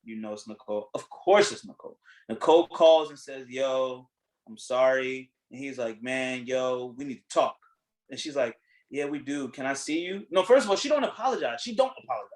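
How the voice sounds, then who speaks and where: A man hosting a podcast in casual chat, retelling a reality show in a blunt, animated way, acting out what people said and swearing freely. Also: medium pitch, brisk, poor audio. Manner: animated storytelling, acting out quotes. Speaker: podcast host.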